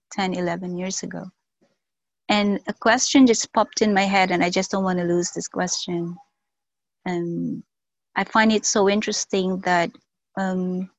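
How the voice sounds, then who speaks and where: Slow, hesitant woman on a video call. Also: medium pitch, dry recording, low-quality recording. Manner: slow, hesitant, many fillers and pauses. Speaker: workshop participant sharing. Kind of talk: reflective sharing on a video call.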